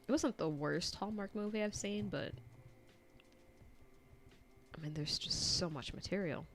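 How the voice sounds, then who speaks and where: Speaking a little slowly in a mid-range voice, a young painting vlogger from the United States rambles casually with many fillers as she works on a painting at home. She's on a stand-mounted desk mic, with slight background noise.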